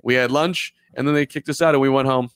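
A man's voice: medium pitch, fairly even intonation, fast talker, fairly bright tone, smooth, no room sound. A man co-hosting a live baseball podcast, telling stories in a rambling way and repeating himself. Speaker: podcast co-host. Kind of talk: casual live podcast chat.

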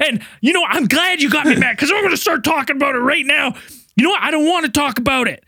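A man voicing an irate older male Bigfoot promoter who blusters in a high, strained voice. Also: huge pitch swings, measured pace, sharp tone, heavily acted. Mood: angry.

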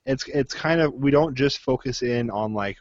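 A man's voice: medium pitch, moderate pace, no echo, muffled recording. A man, a podcast guest, talking in casual chat with loose, rambling storytelling.

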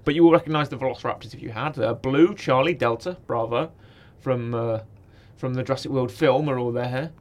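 A man's voice: medium pitch, brisk, hardly any pauses. A man co-hosting a podcast, chatting casually about a cartoon series, rambling, correcting himself and laughing often. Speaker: podcast co-host.

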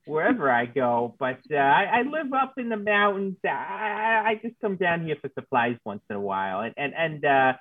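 A man's voice: fairly high pitch, big pitch swings, moderate pace, few pauses, dry recording, pitched above the performer's own voice. A man voicing a folksy male mountain hermit who makes hooch, with a drawling frontier way of talking. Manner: drawling frontier talk, rough grammar. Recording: tinny phone-like call line.

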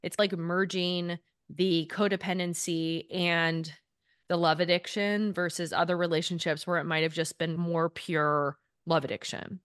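A woman's voice: on the low side, level tone, measured pace, a bit bright, clear, resonant tone, no echo, clean studio sound. A woman hosting a podcast, asking long rambling questions full of fillers. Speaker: podcast host. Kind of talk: interviewing conversation.

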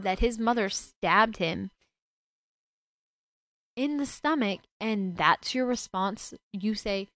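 Woman host retelling a book casually, worked-up asides, smooth voice, dry close sound. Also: mid-range voice, takes it slowly, pauses often, a bit bright, dry recording. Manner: indignant, emotional asides.

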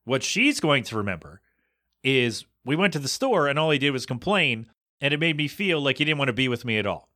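Bright, lively man telling a story. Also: medium pitch, brisk. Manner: rambling, animated anecdote with acted quotes. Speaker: podcast co-host. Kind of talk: casual storytelling chat.

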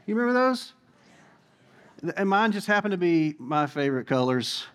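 A man in his forties gives a sermon in a church, speaking in a high voice that swings up and down with lively energy. He keeps it conversational and playful, tossing jokes and asides to the congregation between his points. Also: normal speed, clear, resonant tone, long reverb tail. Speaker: pastor.

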